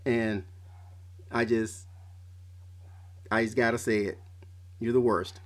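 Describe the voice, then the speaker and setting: A man's voice: on the low side, level tone, takes it slowly, pauses often, fairly bright tone. A man hosting a podcast, delivering a blunt, profane off-the-cuff rant full of slang and stumbling restarts. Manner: slangy street talk. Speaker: podcast host.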